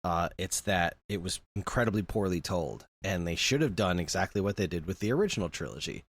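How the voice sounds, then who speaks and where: A man's voice: deep voice, brisk. A man co-hosting a casual podcast chat, ranting animatedly about films. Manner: animated ranting, acts out quotes. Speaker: podcast co-host.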